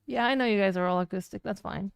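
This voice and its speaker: Woman with Latin American Spanish accent, teasing stream chat, smooth clear voice, dry close sound. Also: mid-range voice, fast, no room sound. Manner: playful, teasing, chatty. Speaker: streamer's partner answering chat.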